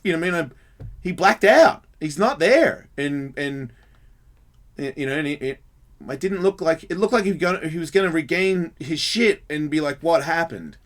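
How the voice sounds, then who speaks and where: A man hosting a radio show, telling a story in a casual and lively way, swearing freely and acting out the other people's voices. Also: fairly high pitch, moderate pace. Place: radio studio.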